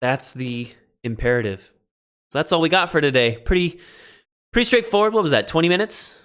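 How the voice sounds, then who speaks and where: Bright-voiced man giving a Greek lecture. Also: mid-range voice, lively intonation, a little fast, smooth. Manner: thinking aloud, self-correcting, stressing key phrases. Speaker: Greek teacher. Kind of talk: casual classroom lecture.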